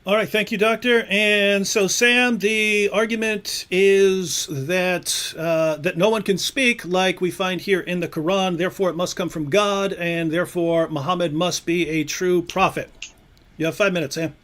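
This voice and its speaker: A man with a fairly high voice moderates a debate. He sums up each side briefly and hands over the floor. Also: fairly even intonation, unhurried, fairly bright tone.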